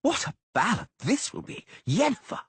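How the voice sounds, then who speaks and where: A man's voice: very high voice, big pitch swings, normal speed, breathy edge, no room sound, voice pushed up, heavily acted. A man voicing a cheeky young male bard who teases and jokes bawdily, in an audiobook. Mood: admiring. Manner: jeering, teasing.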